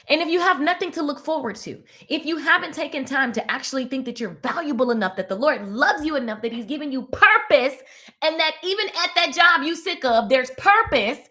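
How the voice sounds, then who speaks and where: A woman hosting a casual faith-based motivational talk, animated and preachy, calling her viewers "baby" and "honey.". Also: sits high. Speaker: host of a live motivational stream.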